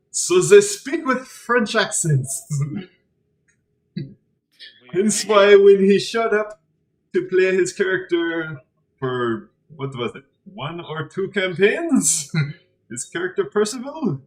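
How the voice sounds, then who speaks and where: A game master in a tabletop game, a man with a lively, swooping voice that sits somewhat high. He talks slowly and breaks into laughter often. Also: rough recording.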